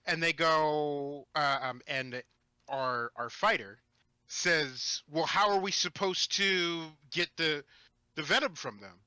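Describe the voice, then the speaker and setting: A man with a bright, tense voice tells a tabletop game story as a podcast guest. He talks in an animated, rambling way, restarting his sentences. The sound is close and very dry. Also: fairly high pitch, dry recording. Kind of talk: casual storytelling chat.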